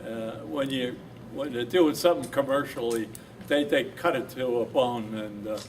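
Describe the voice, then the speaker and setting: A man's voice: medium pitch, normal speed. An older man, a veteran from New Jersey, telling his war story at a reunion and acting out the voices he quotes. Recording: distant mic with background noise.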